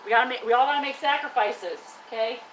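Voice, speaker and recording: A woman's voice: on the high side, fast talker, a little hiss or hum, low-quality recording. A woman chatting casually on a live stream from her workshop, teasing and scolding her trash can like a buddy. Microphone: live-stream camera mic.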